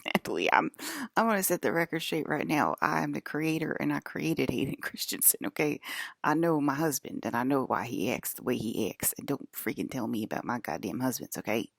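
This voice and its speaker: A woman's voice: low voice, very animated, a little fast, vocal fry, dry recording, clean studio sound. A woman vlogging to her camera in a loose, rambling monologue, laughing often and swearing freely.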